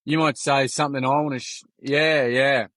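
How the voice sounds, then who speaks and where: A man's voice: medium pitch, normal speed, no echo, studio quality. Chatty Australian man spinning yarns. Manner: animated yarn-telling, acts out quoted voices, slangy. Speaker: podcast guest. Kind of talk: casual storytelling chat.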